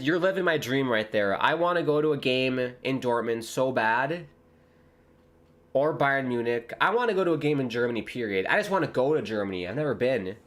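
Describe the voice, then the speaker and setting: A young American man, a streamer commentating live on a football match with viewers, bursting into loud exclamations at big moments. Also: mid-range voice. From United States. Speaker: watchalong streamer.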